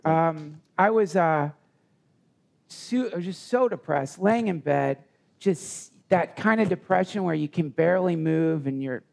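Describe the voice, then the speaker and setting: High, gravelly man telling a story. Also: a little mellow. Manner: earnest and halting, many restarts. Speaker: guest. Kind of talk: personal storytelling in conversation.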